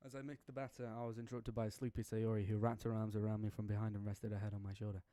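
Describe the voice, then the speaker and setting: A man's voice: fairly low pitch, little pitch movement, racing, mellow, dry recording. A young man reading a fan story aloud, breaking off for casual, jokey, slangy asides. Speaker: story reader.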